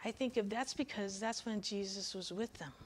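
A woman's voice: medium pitch, normal speed, slight background noise. A woman giving a weekly devotional sermon, teaching from the Bible in an earnest, emphatic way. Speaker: devotional speaker.

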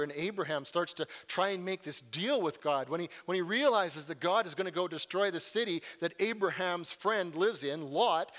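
A man's voice: fairly high pitch, a bit bright, long reverb tail. A man preaching a sermon in an earnest way, often repeating words and telling stories with animation.

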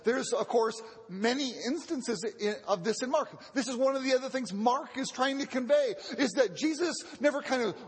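A man with a very high, husky voice preaches a sermon, teaching earnestly and doubling back on his words as he goes. His voice rings out with a long hall reverb around it. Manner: earnest teaching, often repeats words as he restarts. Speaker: pastor.

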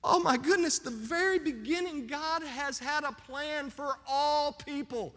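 A man's voice: very high-pitched, measured pace, fairly bright tone. A male pastor preaching a fervent sermon, joking with his congregation. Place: church sanctuary. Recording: long hall reverb of a church.

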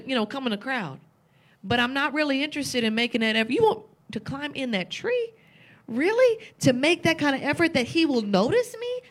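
A woman preaching a sermon with passion, repeating phrases and asking rhetorical questions, at times tearful. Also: high-pitched.

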